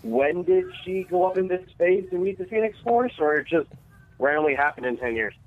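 A man calling in to a show, chatting in a relaxed, joking way. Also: sits high, fairly quick, no echo, phone-quality sound. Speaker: caller. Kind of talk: call-in chat.

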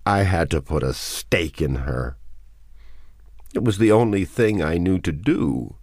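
A man's voice: extremely low pitch, animated, a little mellow, no echo, studio quality, full character voice. A man playing a haunted, grieving man. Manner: halting, choked with grief. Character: haunted, grieving lone man, bitter and weary. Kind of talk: audiobook character voice.

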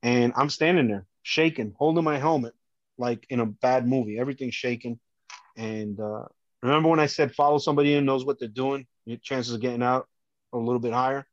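A man's voice: mid-range voice, brisk, no echo, muffled recording. Earnest man retelling a harrowing memory. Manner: earnest and animated, acting out dialogue with fillers. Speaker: podcast guest. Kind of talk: emotional personal storytelling.

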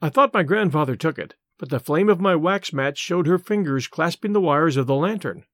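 A man narrating a novel in the first person with a measured, wry and expressive reading. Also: fairly high pitch, no echo, clean studio sound. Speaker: audiobook narrator.

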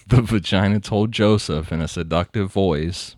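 A man's voice: low-pitched, measured pace, a little mellow, dry recording, clean studio sound. A man hosting a podcast, telling a crime story in a casual, crude, laughing way. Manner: laughing, crude, conversational narration. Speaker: podcast host.

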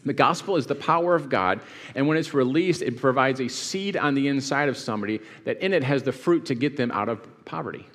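A man's voice: mid-range voice, fairly quick, fairly bright tone. A man, a pastor, preaching a sermon to a live congregation, reading scripture aloud and quizzing the audience with questions. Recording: long hall reverb.

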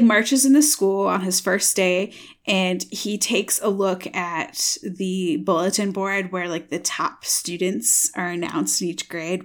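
A young woman co-hosting a podcast, chatting casually about a book with lots of "like" fillers. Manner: chatty, many "like" fillers, lively pitch swings. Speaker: podcast co-host.

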